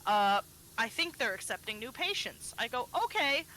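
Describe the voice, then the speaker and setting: A woman streamer chatting casually while gaming, telling stories in an animated way and acting out both sides of phone calls. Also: a little high, normal speed, slight background noise, low-quality recording.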